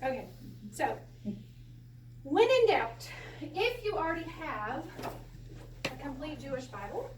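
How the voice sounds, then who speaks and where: Woman teacher, high and chatty, laughs a lot, recorded from across an echoey room with light hiss. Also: slow, pauses often, recorded from a distance. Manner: chatty, laughs often, animated storytelling. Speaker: Hebrew teacher. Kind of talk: casual classroom lesson.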